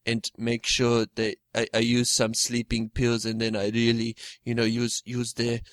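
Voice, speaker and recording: Guy doing a sleazy creep, murmuring low, slow and close. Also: monotone, no echo, natural voice. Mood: leering. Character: sleazy French man, hushed and creepy.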